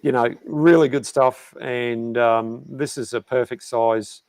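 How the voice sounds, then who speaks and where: A man's voice: medium pitch, steady tone, slow, darkish tone, a little hiss or hum. A man with an Australian accent, co-hosting a podcast in rambling casual chat with many fillers. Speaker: podcast co-host.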